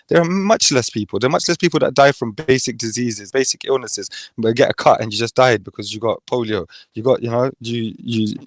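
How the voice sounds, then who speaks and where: A man's voice: mid-range voice, no room sound. A man in a heated casual debate, arguing his point insistently and checking for agreement with "yeah?". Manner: insistent, argumentative, keeps tagging points with "yeah?". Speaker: debater on a podcast.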